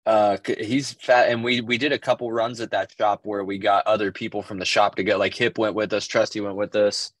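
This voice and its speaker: Low-voiced man, rambling casual storyteller. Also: flat delivery, brisk, few pauses, no room sound. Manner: rambling storyteller, profane, lots of fillers. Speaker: podcast co-host. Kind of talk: casual chat.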